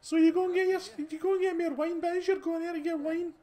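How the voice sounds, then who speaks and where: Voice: very high-pitched, flat delivery, fast talker, mellow. A host with a Scottish accent giving casual, rambling commentary over gameplay, chatty and full of restarts. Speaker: gaming channel host.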